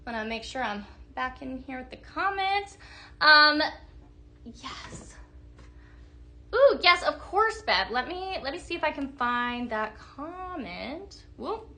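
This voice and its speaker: A woman's voice: sits high, very animated, slow, pushed and bright. A woman presenting home decor products on a live stream, gushing over each piece and chatting with her viewers.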